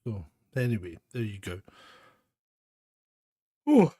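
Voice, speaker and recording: A man's voice: lowish voice, huge pitch swings, slow, warm tone, slightly rough, dry recording. Scottish man, live show host, casual rambling chat, self-mocking, dry sound.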